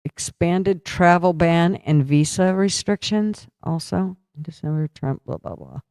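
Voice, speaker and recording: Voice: medium pitch, a little slow, darkish tone, smooth, dry recording, clean studio sound. A livestream host in casual political chat, tired and yawning, talking loosely and answering viewer comments aloud.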